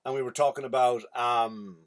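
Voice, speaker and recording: A man's voice: medium pitch, steady tone, normal speed. An Irish man hosting a comedy podcast, telling a story in a wry, self-mocking way. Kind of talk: casual comedic monologue.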